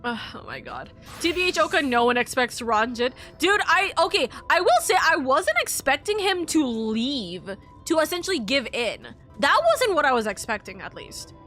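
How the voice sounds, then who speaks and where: High, bright-voiced gushing young woman streamer. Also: big pitch swings, moderate pace, soft background music. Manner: gushing, emotional, rambling with many restarts. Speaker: streamer playing a story game. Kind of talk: casual live-stream commentary.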